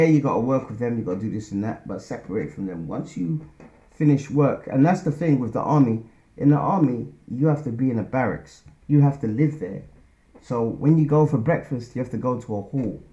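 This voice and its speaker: Mellow man teaching scripture. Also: mid-range voice, lively intonation, a little fast. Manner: conversational, tags lines with "man" and "all right?". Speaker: religious teacher. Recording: dull lo-fi recording.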